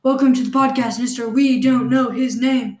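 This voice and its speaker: Casting: a woman host, higher voice, playful rambling chat, echoey room. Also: steady tone, normal speed, a little mellow. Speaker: podcast host. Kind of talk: casual comedic podcast chat. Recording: roomy echo.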